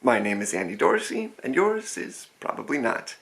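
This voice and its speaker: A man's voice: mid-range voice, sing-song, moderate pace, vocal fry, fairly bright tone. A man from the American Midwest hosting a casual comedic food vlog with dry, wry asides and a Midwest accent. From Chicago suburbs, American Midwest. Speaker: food vlogger host.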